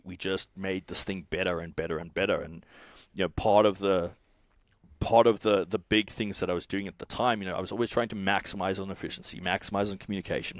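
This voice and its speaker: A man who coaches and co-founded a software company, telling a casual podcast story full of swearing, restarts and fillers. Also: on the low side, no room sound. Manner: swears often, rambling with restarts.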